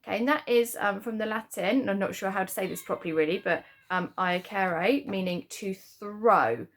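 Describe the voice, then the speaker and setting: A woman explains spelling to young pupils from her home. She talks in a loose, chatty way, often pausing on "um" and "kind of" as she goes. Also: mid-range voice. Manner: chatty, lots of "um" and "kind of" fillers. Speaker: primary school teacher. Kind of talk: spelling lesson for children.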